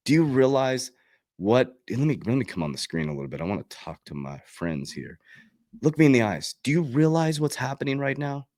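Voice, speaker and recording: A crypto coach hosting his own channel delivers a fired-up, preachy motivational talk to his webcam, swearing freely and acting out the people he quotes. His medium-pitched, darkish voice is very animated and a little fast, captured in clean studio sound with no echo.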